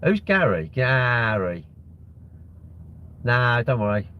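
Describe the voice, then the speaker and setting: A man's voice: mid-range voice, animated, normal speed, muffled recording, a little hiss or hum. A young man hosting a casual livestream, reading out comments and bantering with sarcastic, rambling jokes. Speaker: livestream host.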